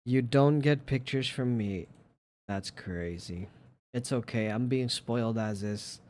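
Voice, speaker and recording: A male streamer in a loose, unhurried chat with his viewers, speaking slowly at an ordinary mid pitch. He is playful and gushing, easily tipping into excited, squeaky exclamations. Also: slight background noise. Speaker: live streamer. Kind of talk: casual stream chat reacting to viewer pictures.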